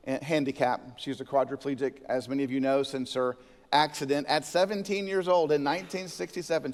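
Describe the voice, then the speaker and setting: A man, the senior pastor, preaching a sermon that mixes scripture with a told joke and lively emphasis. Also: a little high. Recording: reverberant church hall.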